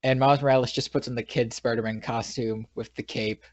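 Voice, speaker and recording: Recapping a movie on a podcast he co-hosts, this New Yorker rambles through scenes casually, often restarting and letting sentences trail off. His mid-range voice has fairly even intonation and a fairly quick pace, over slight background noise in a dull, dry lo-fi recording.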